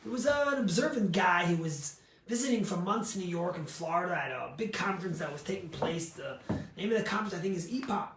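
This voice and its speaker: A man, a rabbi, giving a sermon and telling a story, emphatic and rising to near shouts on his key points. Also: high-pitched, expressive, brisk, reverberant, slight background noise.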